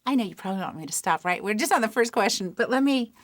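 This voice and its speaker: An older woman being interviewed as an actress, brisk and teasing in reunion chat. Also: mid-range voice, lively intonation. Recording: loud background noise.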